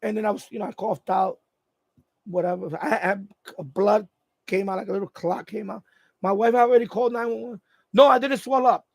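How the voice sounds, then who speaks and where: A man's voice: high-pitched, steady tone, brisk, creaky, no echo. A man hosting a casual live stream from home, telling a story in a rambling way with many restarts. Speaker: radio hobby channel host. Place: at home, indoors.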